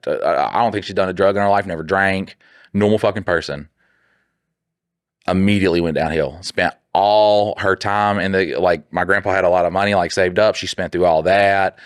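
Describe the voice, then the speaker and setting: Podcast co-host, man, lowish voice, heated and foul-mouthed, dry close mic. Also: no room sound. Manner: heated, profane ranting, often drops into quoted dialogue. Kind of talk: casual chat.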